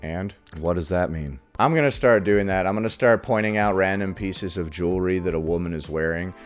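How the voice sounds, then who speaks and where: A man's voice: sits low, fairly quick, faint music behind. A man hosting a reaction video, giving casual, sarcastic, mocking commentary on a clip.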